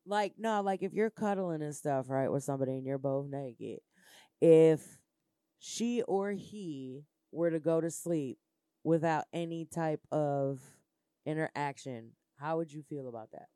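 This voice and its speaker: A slangy, blunt woman with a fairly low voice hosts a loose, casual chat. She laughs between her lines. The recording is dry and close. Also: unhurried, dark tone, clear, resonant tone, no echo.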